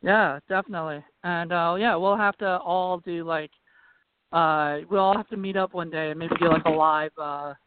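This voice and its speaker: A man with a Virginia drawl who chats loosely and piles up "um"s and "like"s as he co-hosts. His voice sits high, and the sound is thin and phone-like. The room around him sounds dry and close. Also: fairly even intonation, normal speed, clean tone, no room sound. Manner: rambling, filler-heavy, laughs often. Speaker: podcast co-host. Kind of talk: casual chat. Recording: tinny phone-like call audio.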